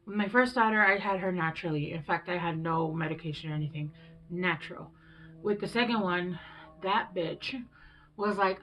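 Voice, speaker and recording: A woman's voice: lowish voice, moderate pace, fairly bright tone, poor audio. A woman in her thirties giving a casual tarot reading, talking candidly and reassuringly, swearing freely as she coaches her listeners. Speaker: tarot reader.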